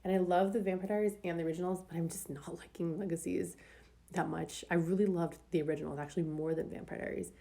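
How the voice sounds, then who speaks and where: A young woman chats through her weekly planner layout in an easygoing, rambling way, stopping often for ums and likes. Her voice sits low and sounds dark, with a gravelly edge. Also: steady tone, fast. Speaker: planner vlogger. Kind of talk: casual planner decorating voice-over.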